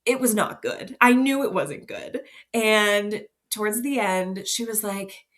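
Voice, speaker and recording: A woman's voice: medium pitch, measured pace, a bit bright. A woman, a fertility nurse guest on a podcast, telling her own story openly and with feeling. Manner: open, emotional storytelling with laughs. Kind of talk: candid podcast interview.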